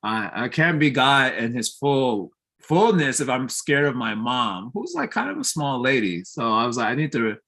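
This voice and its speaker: A man's voice: mid-range voice, very animated, moderate pace, bright, forceful tone. Casual, chuckling man teaching a class. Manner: explains with homely comparisons, often checks understanding with questions; laughs easily while telling stories. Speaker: teacher giving a morning scripture class. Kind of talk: scripture class. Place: temple.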